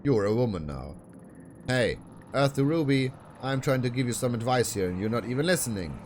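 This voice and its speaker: A man's voice: medium pitch, animated, fairly quick, darkish tone, slight background noise, lightly acted. A man playing a bullying sleazy manager. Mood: scornful. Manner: scornful, bullying. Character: abusive middle-aged male talent manager, bullying.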